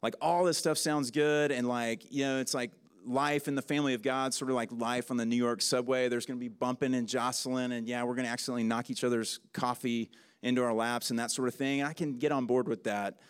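A man preaching a sermon in a relaxed, conversational way, with frequent restarts and asides. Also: mid-range voice, fairly quick, clean tone. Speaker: pastor.

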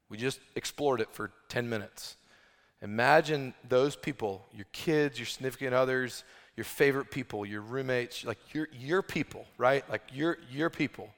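A male pastor delivers a sermon in an easy, conversational way, leaning on fillers and restarting his thoughts. His voice sits in a middle pitch. The sound carries a long hall reverb, as from a church sanctuary. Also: fairly bright tone.

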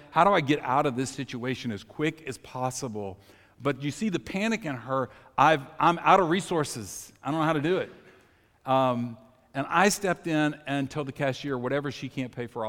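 This pastor's medium-pitched voice fills a church sanctuary with the sound of a large hall as he gives his sermon. His manner is conversational, mixing personal storytelling with questions to the congregation.

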